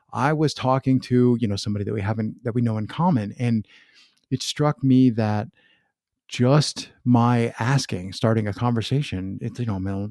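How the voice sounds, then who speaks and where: Male podcast host, casual and animated, mid-pitched, dry close mic. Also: no echo. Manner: chatty, animated, acts out quoted remarks. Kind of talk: casual conversational interview.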